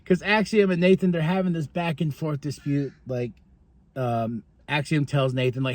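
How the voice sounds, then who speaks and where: A fairly high-voiced man chats through a casual podcast recap, excitable and quick to laugh. He acts out quotes as he goes. The sound is dry and close to the mic. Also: dry recording. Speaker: podcast host.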